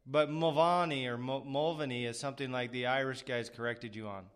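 A man's voice: mid-range voice, steady tone, brisk, a bit bright, smooth. A man hosting a podcast interview, rambling casually with lots of fillers and self-deprecating asides. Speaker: podcast host.

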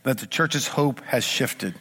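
Middle-aged pastor preaching, earnest and pushy, bright kinda sharp voice, echoey church hall. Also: male voice, mid-range voice, unhurried, slightly rough. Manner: earnest, emphatic preaching with repeated phrases. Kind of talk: sermon. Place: church sanctuary.

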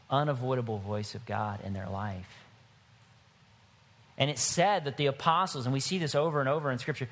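A man preaching a sermon to his church, shifting from wry, conversational storytelling to emphatic, rising exhortation. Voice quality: bald-headed man, higher-pitched voice. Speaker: pastor.

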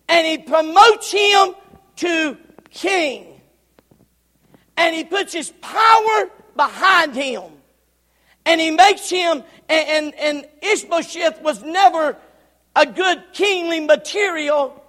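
High, shouting preacher in an echoing church. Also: male voice. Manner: call-and-response, bursts into shouting. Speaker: pastor. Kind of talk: sermon.

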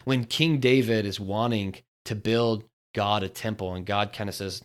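Man, podcast host, devotional talk, earnest, storytelling, lowish voice. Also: fairly even intonation, normal speed, hardly any pauses, smooth.

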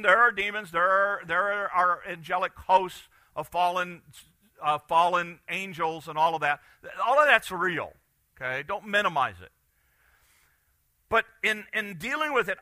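A man preaching a sermon as pastor, animated, swinging from loud bursts to quiet asides. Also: sits high, dry recording.

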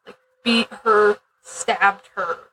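A woman's voice: mid-range voice, steady tone, slow, pushed and bright, recorded from a distance, slight background noise, rough recording. A woman co-hosting a podcast in casual chat, blunt and swearing freely, with rambling asides. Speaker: podcast co-host.

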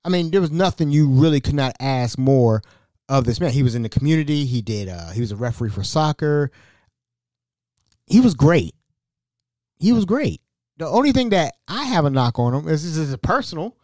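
A man's voice: fairly high pitch, expressive, moderate pace, darkish tone, dry recording, clean studio sound. A young man hosting a podcast, casually telling family stories with laughs and imitations of relatives. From Ohio. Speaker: podcast host. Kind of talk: casual storytelling monologue.

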